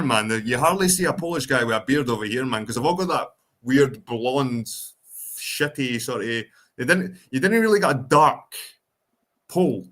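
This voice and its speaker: A man's voice: medium pitch, a bit bright. Sweary Scottish man hosting a livestream. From Ireland, raised in Scotland. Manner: profane, rambling, reads chat aloud. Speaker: livestream host. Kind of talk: casual livestream chat.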